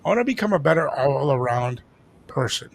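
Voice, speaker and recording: A man co-hosting a podcast, telling a story in a casual chat and acting out the dialogue with lively energy. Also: medium pitch, brisk, vocal fry. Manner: animated, acts out quoted dialogue. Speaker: podcast co-host.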